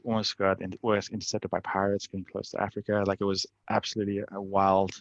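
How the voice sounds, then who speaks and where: Fast, flat-toned deep-voiced man. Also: dry recording, dull audio. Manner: laughs often while recounting stories; loose, chatty phrasing full of "like". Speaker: guest, endurance athlete. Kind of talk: casual interview storytelling.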